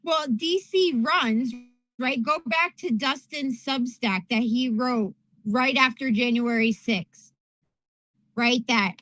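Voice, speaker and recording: Female co-host with a highish voice, dry close mic, rapid ranting delivery. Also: fairly bright tone, no room sound, poor audio. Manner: rapid ranting, keeps asking "right?". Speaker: podcast co-host. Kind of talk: casual political talk.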